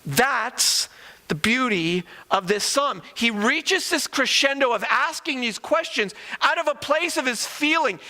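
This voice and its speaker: Male pastor, sermon delivery, very high and piercing tone, long church reverb. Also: pushed and bright. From Canada. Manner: rhetorical questions, emphatic preaching. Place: church sanctuary.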